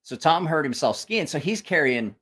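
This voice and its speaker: A man's voice: on the high side, sing-song, moderate pace, fairly bright tone. A man hosting a casual livestream and telling a rambling, profane story full of quoted voices. He has a school-age kid. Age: adult with school-age child. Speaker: livestream host.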